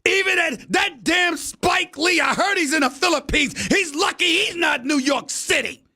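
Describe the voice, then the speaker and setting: A middle-aged man hosting a sports talk show in a studio booth, delivering an exasperated, shouting rant. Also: very high-pitched, expressive, normal speed. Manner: loud, exasperated ranting, shouting often. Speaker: show host. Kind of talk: ranting sports talk monologue.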